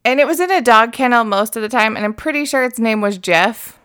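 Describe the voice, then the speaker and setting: A woman's voice: on the high side, a little fast, a bit bright, clean tone. A woman in her thirties co-hosting a casual podcast chat. She laughs often, swears freely and keeps losing her train of thought. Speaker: podcast co-host.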